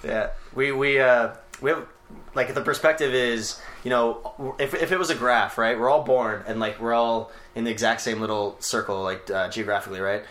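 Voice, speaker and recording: A man's voice: mid-range voice, normal speed, fairly bright tone. A young man in a casual chat with friends, rambling through explanations with lots of filler words.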